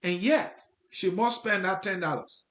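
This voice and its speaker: A man's voice: high-pitched, a little slow, a bit bright. A man with a Liberian accent giving commentary to his viewers, earnest, repeating his points for emphasis. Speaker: host. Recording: roomy, echoey sound.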